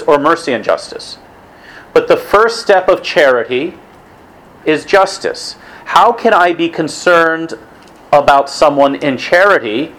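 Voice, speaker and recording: In a low-quality recording, a man with a fairly high voice gives a casual, conversational religious talk to a weekly evening group, with restarts and asides.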